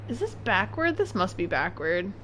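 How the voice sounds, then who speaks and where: At home, a woman streamer chats casually as she plays a video game and talks to her cat, giving casual gameplay commentary. Her medium-pitched voice is very animated and fairly bright, at a moderate pace, with slight background noise.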